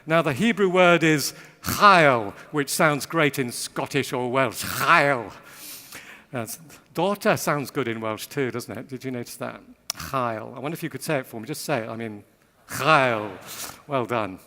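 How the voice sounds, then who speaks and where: A man with a mid-range voice delivers a witty, rhythmic Bible talk to a live audience at normal speed, repeating phrases for emphasis. His tone is bright and forceful, and his voice echoes through a large hall with long reverb.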